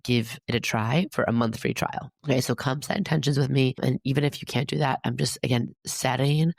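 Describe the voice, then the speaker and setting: Chatty upbeat guy talking astrology, super gravelly fry, dry close sound. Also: mid-range voice, steady tone, a little fast, no echo. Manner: chatty, lots of fillers, upbeat and encouraging. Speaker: astrologer podcast host. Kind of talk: casual spoken forecast monologue.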